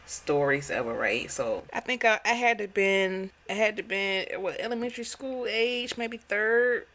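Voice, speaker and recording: A woman in her thirties co-hosts a casual podcast chat with a crisp, bright tone. She tells stories with lots of energy and acts out the lines people said to her, laughing along. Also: mid-range voice, a little slow. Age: 30s. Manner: animated storytelling, acts out quotes with laughter. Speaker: podcast co-host. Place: Atlanta.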